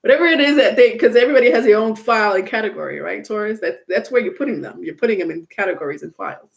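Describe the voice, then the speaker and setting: A woman's voice: mid-range voice, animated, racing, creaky. A woman giving a casual live-stream tarot reading, chatty and blunt, cursing freely and laughing often. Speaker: tarot reader.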